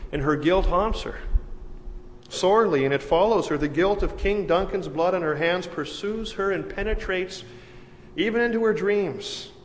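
A man preaching a sermon in a measured way, slowing down for dramatic emphasis. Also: fairly high pitch. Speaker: pastor. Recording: long reverb with faint background noise.

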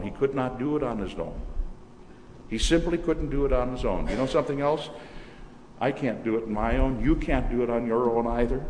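A man's voice: fairly high pitch, darkish tone. A male pastor preaching a sermon, telling the story dramatically with shifting emphasis. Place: church sanctuary. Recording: echoey church hall, faint noise.

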